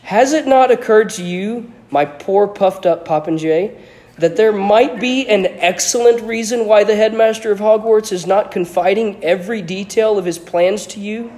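A man voicing a sly, haughty dead male professor living in a portrait, speaking in a smooth, lazy, condescending drawl. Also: on the high side, expressive, normal speed, a little mellow, close to an everyday voice. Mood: scornful lecture.

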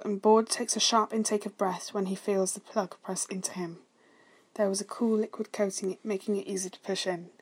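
A woman narrating fan fiction aloud in a steady, soft-spoken reading voice. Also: medium pitch, husky. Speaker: story reader.

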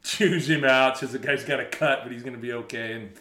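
A man telling a story in casual chat, animated, laughing often and acting out the shouted quotes. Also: mid-range voice, brisk, slight background noise. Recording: roomy echo.

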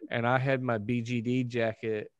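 A man tells a story to friends in a smooth, clear voice, close and dry on the mic. He teases and tells it plainly. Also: mid-range voice, level tone, normal speed, dry recording, lo-fi sound. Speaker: paramotor pilot. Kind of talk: casual group chat.

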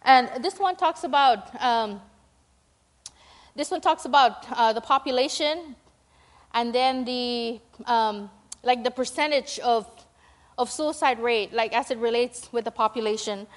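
High-voiced woman giving a rambling church talk. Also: measured pace. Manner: conversational, rambling, with many fillers and tag questions. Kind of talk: church presentation with slides.

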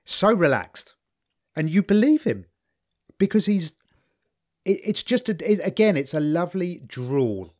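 A man's voice: high-pitched, very animated, measured pace, long pauses, darkish tone. A man from the UK co-hosting a casual podcast chat, rambling through a story with wry asides. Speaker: podcast co-host.

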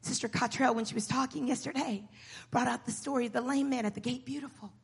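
A woman preacher delivering a sermon in a church hall, moving from quiet storytelling to shouted exhortation. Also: fairly high pitch, fairly even intonation, fast, creaky, breathy edge. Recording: long hall reverb.

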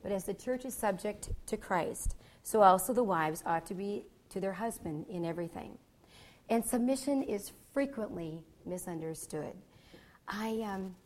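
A woman's voice: mid-range voice, a little mellow, a little hiss or hum. Gregarious woman teaching married couples. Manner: gregarious and goofy, checks in with "okay?". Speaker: marriage seminar speaker.

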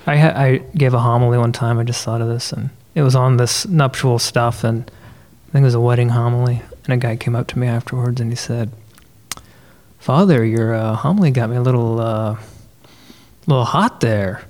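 A man's voice: medium pitch, fairly even intonation, brisk, darkish tone. A man, a priest who is a guest on a podcast, telling candid, jokey stories in casual chat.

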